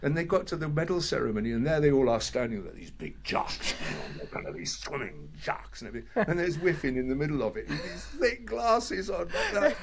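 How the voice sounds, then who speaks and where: An older man from England, talking as a guest in a relaxed interview. He tells stories with energy, jumps into other people's voices and laughs often. His voice sits at a middle pitch. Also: fast talker, few pauses, slight background noise. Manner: lively storyteller, mimics voices and screams, laughs often. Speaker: actor guest. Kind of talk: casual interview chat.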